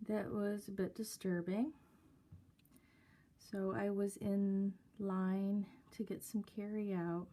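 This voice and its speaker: Slow, mellow woman telling a story. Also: medium pitch. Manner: hesitant, many fillers. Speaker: vlogger. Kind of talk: casual storytelling.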